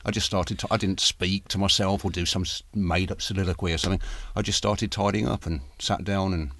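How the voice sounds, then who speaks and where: A man's voice: deep voice, fairly even intonation, a little fast, fairly bright tone, no room sound. A man, an actor co-hosting a podcast, chatting casually and repeating words as he searches for them. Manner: stammers, repeats words often. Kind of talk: casual chat.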